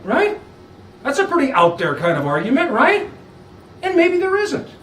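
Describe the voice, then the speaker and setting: A man's voice: extremely high pitch, slight background noise. A man giving a lunchtime law lecture, emphatic and full of rhetorical questions. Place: lecture room. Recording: echoey room, far from mic.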